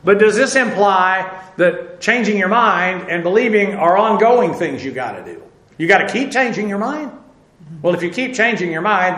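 A man teaching a Bible lesson, explaining slowly with many "uh" fillers and self-corrections. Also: sits high, a bit bright, roomy sound, low-quality recording. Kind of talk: lecture on Greek verb tenses.

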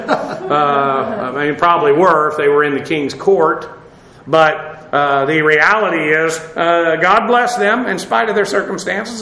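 A man's voice: fairly high pitch, pushed and bright, echoey room, poor audio. A man giving an informal Bible study, talking in a rambling, conversational way with many fillers and restarts. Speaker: Bible teacher.

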